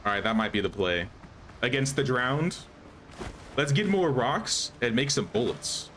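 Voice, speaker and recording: A man's voice: medium pitch, expressive, measured pace, fairly bright tone, slight background noise. A young man streaming a survival game, chatting casually and thinking aloud with frequent restarts. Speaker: gaming streamer. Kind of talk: casual live gameplay commentary.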